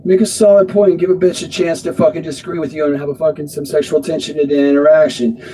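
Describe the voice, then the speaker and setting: A man's voice: fairly high pitch, little pitch movement, quick pace, mellow, poor audio. A man giving blunt, profane dating advice as a coach, talking casually to the camera outdoors. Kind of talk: casual instructional talk to camera.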